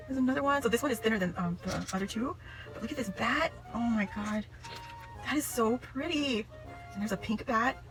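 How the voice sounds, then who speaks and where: A woman chatting to camera as she unboxes a gift, gushing and excitable, often exclaiming in delight. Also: medium pitch, fast, faint music behind, rough recording. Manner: gushing, excitable, repeats "oh my gosh". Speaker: craft vlogger opening a gift package. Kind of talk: casual unboxing chat to camera.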